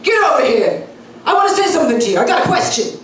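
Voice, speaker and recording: A woman's voice: high-pitched, very animated, fast talker, a little hiss or hum. A woman playing a cocky man who thinks he is hot stuff, making a pushy come-on in a live comedy set. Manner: pushy, self-assured come-on. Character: cocky man flirting at a bar. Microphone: far camera. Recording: echoey room from far off.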